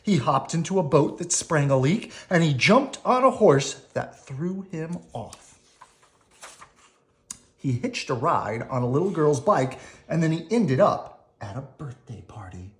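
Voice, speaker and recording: A woman reading a bedtime story aloud to her child at home, playful and animated. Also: deep voice, a little slow.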